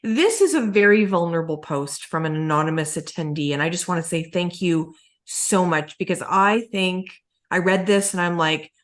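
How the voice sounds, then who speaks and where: A woman's voice: fairly low pitch, normal speed. A woman hosting a webinar, appreciative as she reads out attendee questions. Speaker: webinar host.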